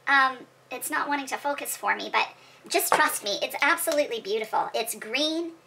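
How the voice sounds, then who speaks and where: A woman's voice: high-pitched, lively intonation, moderate pace, gravelly, background noise, voice pushed up. A woman voicing a gushing, over-the-top female perfume reviewer, dramatic and rambling with restarts.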